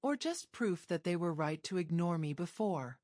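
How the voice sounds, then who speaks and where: A woman's voice: lowish voice, expressive, moderate pace, darkish tone, dry recording, studio quality, close to an everyday voice. A woman narrator voicing a hurt, defiant young woman who speaks in an emotional, questioning way.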